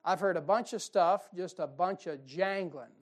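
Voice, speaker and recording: A man preaching a folksy, emphatic sermon, with sudden loud bursts and mocking quotes. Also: sits high, moderate pace. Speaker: pastor. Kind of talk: fiery sermon.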